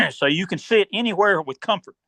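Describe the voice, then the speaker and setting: A man with a Southern US accent lays out his advice step by step, patient and instructive, pausing now and then to clear his throat. His voice sits a little high and bright. The sound is close and dry, with no room around it. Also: expressive, no room sound. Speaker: guest turkey hunting expert. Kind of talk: casual podcast explanation.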